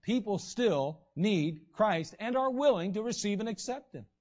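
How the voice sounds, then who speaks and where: This man preaches a sermon conversationally, acting out the voices of the people he quotes. His voice is high, animated, a little slow and somewhat mellow. The recording is dull and lo-fi.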